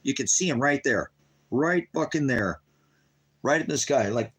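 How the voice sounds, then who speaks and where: A man's voice: mid-range voice, brisk, fairly bright tone, husky. A man on a livestream at home, ranting in a profane, taunting way at people in his chat. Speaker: livestream host. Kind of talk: angry livestream rant. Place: at home by a wood stove.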